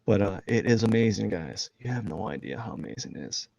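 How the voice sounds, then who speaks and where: A man's voice: fairly low pitch, expressive, brisk, creaky, darkish tone, dry recording, muffled recording. A man chatting casually on a live drawing stream, rambling and jokey, laughing at himself. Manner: rambling, jokey, self-deprecating, laughs a lot. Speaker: streaming artist. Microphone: headphones and desk mic.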